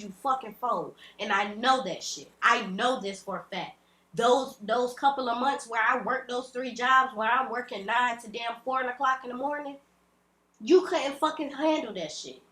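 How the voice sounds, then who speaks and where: A woman's voice: on the high side, sharp tone. Blunt, profane woman ranting at the camera. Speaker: vlogger. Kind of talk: ranting direct-to-camera vlog. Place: at home. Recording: echoey room.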